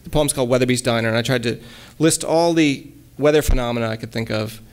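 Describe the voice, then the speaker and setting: A man giving a relaxed lecture at a college, hesitating often with ums and restarts and reading his own poems aloud. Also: mid-range voice, quick pace, clean tone. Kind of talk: casual lecture with poem readings.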